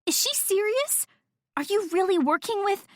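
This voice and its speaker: A woman narrator voicing an excitable, gushing young woman friend who squeals and insists, in an audiobook. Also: a little high, moderate pace, no echo, studio quality, voice pushed up, close to an everyday voice. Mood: excited.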